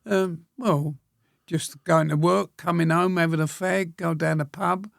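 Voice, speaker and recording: A very old man around a hundred tells stories in a plain, unhurried way. His voice sits a little high and is gravelly, and it is recorded close and dry. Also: fairly even intonation, no room sound. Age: 100. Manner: plain-spoken, slow storytelling, frequent pauses and throat-clearing. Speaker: guest, war veteran. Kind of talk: reminiscing interview answers.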